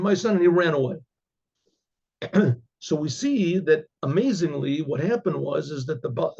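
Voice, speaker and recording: Halting, husky-voiced rabbi storyteller. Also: male voice, a little high, darkish tone, highs cut off. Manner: halting, many restarts and throat-clearing. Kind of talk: oral storytelling.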